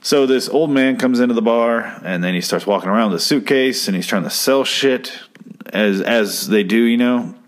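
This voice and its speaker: A man with a mid-range voice talks through an old TV episode at a moderate pace, his commentary casual, sarcastic and meandering. He curses freely and performs the quoted lines himself.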